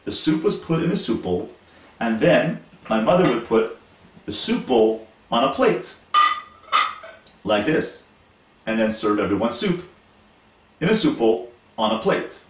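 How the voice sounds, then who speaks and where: Slow, deliberate male host. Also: mid-range voice, big pitch swings. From Montreal, Canada. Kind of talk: instructional talk to camera. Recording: roomy echo, voice from a distance.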